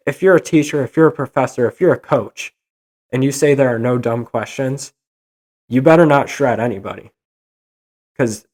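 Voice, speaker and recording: A young man hosting a solo podcast, ranting in an exasperated, animated way. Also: mid-range voice. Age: young adult. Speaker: podcast host.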